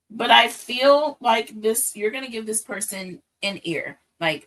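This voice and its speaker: A woman's voice: a little high, expressive, measured pace, few pauses, a bit bright, low-quality recording. A woman giving a casual tarot reading, musing aloud and checking in with her listeners. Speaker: tarot reader.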